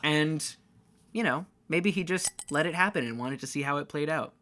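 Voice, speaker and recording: A man narrating as game master of a tabletop game, talking in a lively way with many fillers. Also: on the high side, normal speed, noisy background.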